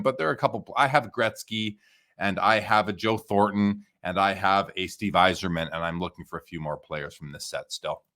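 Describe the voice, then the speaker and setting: A man's voice: fairly low pitch, fairly bright tone. A man hosting a podcast, chatting casually and enthusiastically about card listings. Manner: chatty, enthusiastic, with frequent restarts. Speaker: podcast host. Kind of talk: casual chat reviewing listings.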